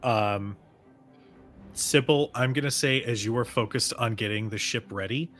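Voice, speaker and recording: Man, game master, bright voice, unhurried narration, fillers. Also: medium pitch, faint music behind. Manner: relaxed, measured narration with fillers.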